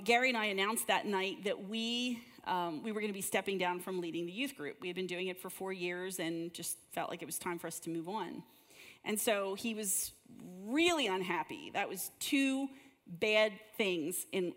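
This woman's voice is medium in pitch with a fairly bright tone as she leads a church group through prayer and conversational stories. She tends to repeat words when starting a sentence, and the large room holding the gathered group gives the recording a long hall reverb.

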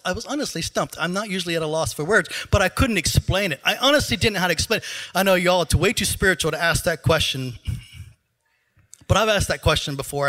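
A middle-aged man preaches a sermon from a church stage with a handheld mic, his voice high and bright. He talks in an animated, joking way, and his throat troubles him, so he clears it often. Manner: animated, joking, laughs at his own asides. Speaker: pastor.

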